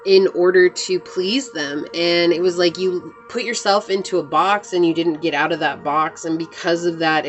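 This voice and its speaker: Low-voiced woman giving a chatty tarot reading. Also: muffled recording. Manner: chatty and earnest, many "like" fillers. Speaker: tarot reader. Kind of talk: casual tarot reading to camera.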